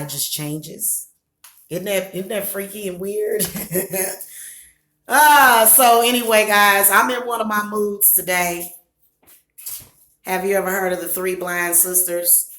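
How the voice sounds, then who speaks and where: A woman's voice: mid-range voice, measured pace, bright, forceful tone. A woman from the American Midwest with a Southern accent, chatting casually on a livestream, rambling and talking to her viewers. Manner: rambling, talks to chat viewers. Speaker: livestream host. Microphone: device camera.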